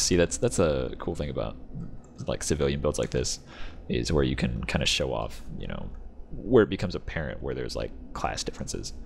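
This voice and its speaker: Speaking at an extremely low, creaky pitch, this man hosts a channel reviewing game ships and tours one while rambling, joking, and laughing frequently in casual commentary. Slight background noise can be heard.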